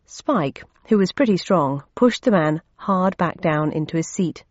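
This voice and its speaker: A woman's voice: on the low side, animated, measured pace, no room sound. A woman reading an audiobook aloud with a dry, wry storytelling manner. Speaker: audiobook narrator. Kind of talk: audiobook narration. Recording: dull lo-fi audio.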